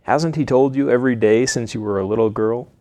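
A man voicing a wise, patient older nanny in a read-aloud storybook, speaking firmly but gently. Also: mid-range voice, fairly quick, dry recording, natural voice. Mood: firm, gentle.

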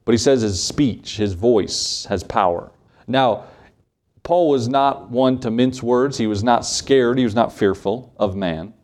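A man preaching a sermon in an emphatic, pulpit-style delivery. His voice sits at an ordinary middle pitch, and he keeps asking rhetorical questions as he drives his points home. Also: a little slow, a little mellow.

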